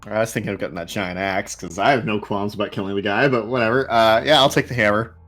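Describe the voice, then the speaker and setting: A man's voice: fairly low pitch, steady tone, fast, fairly bright tone, soft background music. A man playing a tabletop game, chatting casually as a player.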